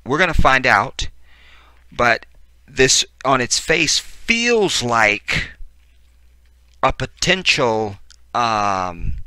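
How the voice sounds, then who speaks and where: A man hosting a chatty commentary show, talking straight to his viewers. His voice is slightly low, with a sharp, tense brightness. It is recorded close and dry, with no room sound. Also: dry recording, rough recording. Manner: chatty, addresses viewers directly, frequent fillers. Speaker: online show host and commentator. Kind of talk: casual commentary reading out news articles.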